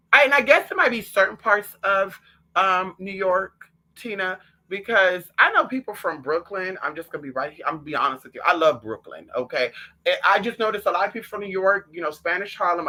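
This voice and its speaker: Sassy, chatty man with a bright voice. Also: high voice. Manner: sassy, chatty, keeps calling the listener "girl"; animated and outspoken. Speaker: vlogger. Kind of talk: casual monologue to camera.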